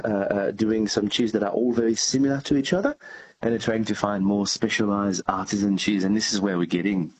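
A man's voice: fairly low pitch, steady tone, brisk, a little mellow, husky, rough recording. A man with a French accent, a cheesemaker answering radio interview questions in an earnest, explanatory way. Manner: earnest, explanatory, with frequent restarts. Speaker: cheesemaker, company director.

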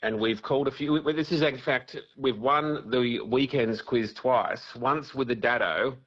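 A man's voice: mid-range voice, a little slow, fairly bright tone, breathy edge, muffled recording. A man calling in to a radio quiz, friendly and a bit rambling. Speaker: caller. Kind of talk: casual radio call.

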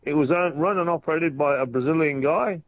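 A man calls into a talkback show over a dull, dry line. His voice sits somewhat high for a man, and he is friendly, tripping over the starts of his sentences. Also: brisk, no room sound. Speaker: radio caller. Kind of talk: phone-in chat.

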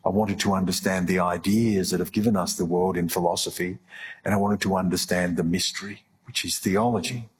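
A middle-aged man talking earnestly in an interview, halting and restarting as he reflects. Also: low-pitched, fairly even intonation, a little hiss or hum. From Australia. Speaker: guest.

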